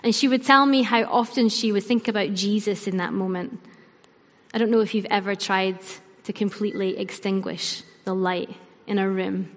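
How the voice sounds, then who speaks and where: A woman's voice: medium pitch, fairly even intonation. Earnest woman preaching in a reverberant hall. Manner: earnest, measured delivery with soft trailing line ends. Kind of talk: sermon.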